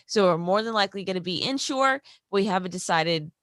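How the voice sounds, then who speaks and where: A woman's voice: medium pitch, expressive, brisk, a bit bright, dry recording, studio quality. A woman guest on a podcast who chats in a friendly, easygoing way and laughs along with the host. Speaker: guest, fishing video maker. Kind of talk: casual chat.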